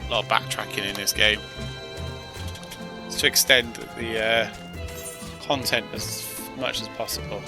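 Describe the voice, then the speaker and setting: A man's voice: lowish voice, a little slow, pauses often. Casual male game streamer, sore throat. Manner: casual, relaxed, yawning. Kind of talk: live gameplay commentary. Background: game music.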